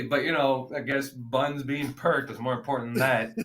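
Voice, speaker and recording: A young man co-hosting a casual movie review chat, animated and bursting into loud character voices. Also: mid-range voice, normal speed, hardly any pauses. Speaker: podcast co-host.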